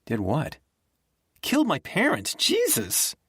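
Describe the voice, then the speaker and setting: A man voicing a frightened, sick teenage girl who bursts out shrill and tearful, in an audiobook reading. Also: lively intonation, unhurried, gravelly, dry recording, clean studio sound, heavily acted. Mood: furious panic.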